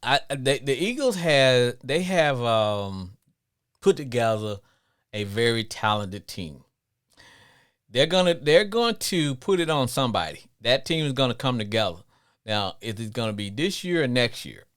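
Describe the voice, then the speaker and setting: A man's voice: medium pitch, animated, unhurried, a bit bright. A man hosting a sports talk show, chatting casually and repeating words while he thinks. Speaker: radio show host.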